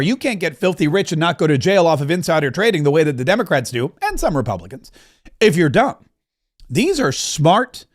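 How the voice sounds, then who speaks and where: A man hosting a political talk show, delivering animated, mocking opinion rants that race ahead and restart. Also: high voice.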